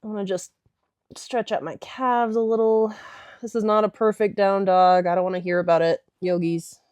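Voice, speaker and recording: A woman's voice: mid-range voice, fairly even intonation, moderate pace, darkish tone, no room sound. A woman leading a casual guided stretching class, chatty and irreverent with joking asides. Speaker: yoga and stretching instructor.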